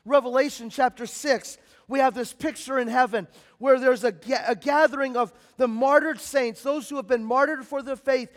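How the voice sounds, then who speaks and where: High-voiced male preacher in a reverberant hall. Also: steady tone, moderate pace. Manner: preaching with surges of loud emphasis and quiet drops. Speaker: pastor. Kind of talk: sermon.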